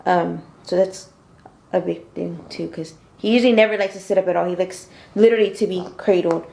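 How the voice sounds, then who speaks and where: A mother answering interview questions casually, soft-spoken with many "um"s and frequent laughs. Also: fairly low pitch, fairly even intonation, a little fast, vocal fry, echoey room. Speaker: mother of the child.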